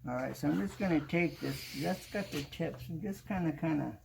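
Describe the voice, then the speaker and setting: Hosting a home improvement how-to, a man talks in a relaxed way as he works, repeating "kinda" often. His voice is a little high and gravelly at a normal speed, with a little hiss or hum on the recording.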